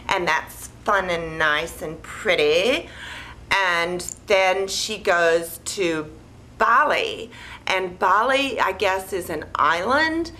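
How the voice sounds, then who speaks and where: Woman, bright clear tone, deadpan and wandering, casual movie recap. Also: on the low side, a little hiss or hum, rough recording. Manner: naive, wandering, full of "like" and "you know".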